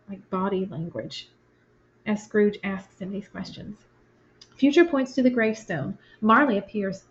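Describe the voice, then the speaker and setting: A woman teacher with a fairly high voice reads stage directions and explains the story to her class. Her manner is plain and conversational. The recording sounds dull and lo-fi. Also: a little hiss or hum. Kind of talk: reading a play aloud and explaining it to a class.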